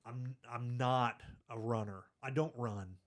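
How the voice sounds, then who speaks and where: A man's voice: medium pitch, steady tone, a little slow. Male podcast host, casual rambling storyteller, pokes fun at himself, mid-range voice. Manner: rambling, self-deprecating, laughs through his stories.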